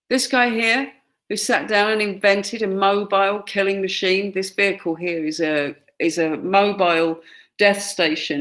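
A woman gives a classroom lecture, pointing out pictures and acting out quoted lines. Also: on the low side. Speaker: teacher.

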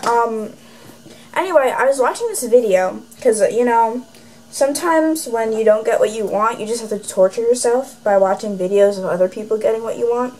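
A teen girl chats to a camera pointed at her from a room at home, rambling, sarcastic, and saying "like" a lot in this casual vlog. Her voice is a little high and darkish at a normal speed, captured on a rough recording.

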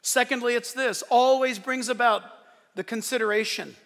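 High-pitched, bright-voiced preaching man. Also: normal speed. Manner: emphatic, animated preaching with asides and jokes. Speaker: pastor. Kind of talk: sermon. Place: church sanctuary during a service. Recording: long reverb of a large hall.

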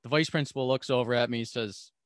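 A fast-talking podcast guest with a mid-range voice tells a story in a casual interview, animated and laughing often as he acts out quoted voices. The recording is dry with clean studio sound.

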